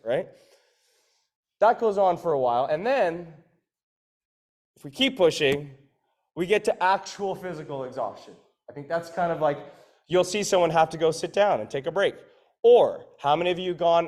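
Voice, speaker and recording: A man coaching a gym class in a loose, conversational way, cursing freely and voicing the grumbles of people mid-workout. His voice sits a little higher than most men's. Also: expressive, moderate pace, a little mellow. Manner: conversational, swears casually, acts out inner voices. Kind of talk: casual talk to a class.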